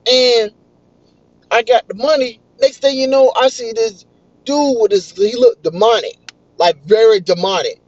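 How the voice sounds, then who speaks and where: A young man, excitedly telling a story in casual vlog style. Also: extremely high pitch, unhurried. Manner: excitable, animated retelling. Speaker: vlogger. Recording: dull, lo-fi dry recording.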